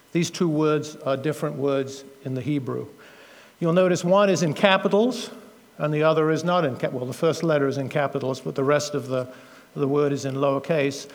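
British man preaching in a reverberant church. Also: fairly high pitch. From Britain. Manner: earnest, explanatory, with frequent fillers and self-corrections. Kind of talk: sermon.

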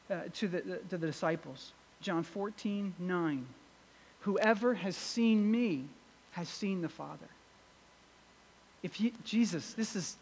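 A preacher giving a sermon, reading and repeating scripture verses and asking the congregation rhetorical questions. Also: medium pitch. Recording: long hall reverb.

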